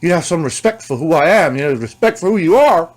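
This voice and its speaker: A man's voice: fairly high pitch, lively intonation, fast, pitched above the performer's own voice. A man doing a polite, offended guitar star. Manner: pleading, polite.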